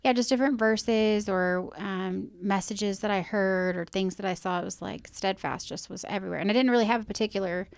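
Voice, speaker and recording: Relaxed woman, dry close sound. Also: mid-range voice, fairly quick, vocal fry, hardly any pauses, clean tone, no room sound. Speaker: podcast co-host. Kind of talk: casual faith podcast chat.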